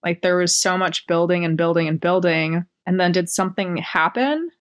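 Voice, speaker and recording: A woman's voice: lowish voice, moderate pace. A woman co-hosting an interview, building her question gradually as she thinks aloud. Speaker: podcast co-host.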